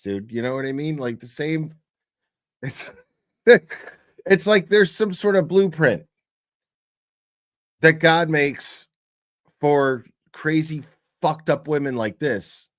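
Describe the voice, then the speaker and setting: A man's voice: on the high side, no echo, clean studio sound. A man hosting a casual reaction show, talking bluntly with lots of swearing and filler words. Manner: blunt, swears a lot, rambling with many fillers. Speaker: commentary host. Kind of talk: casual profane reaction commentary.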